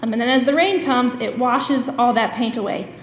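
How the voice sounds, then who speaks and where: A woman's voice: a little high, moderate pace, slight background noise. A woman, a camp director and guest speaker, giving a church message as earnest storytelling full of "um" fillers. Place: church sanctuary. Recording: echoey church hall with long reverb.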